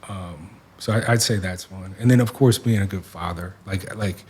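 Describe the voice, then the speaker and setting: A man in his forties from the Seattle area, a podcast guest talking in a reflective, soft-spoken way with many fillers. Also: low voice, moderate pace, husky. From Seattle area, USA. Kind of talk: casual podcast conversation.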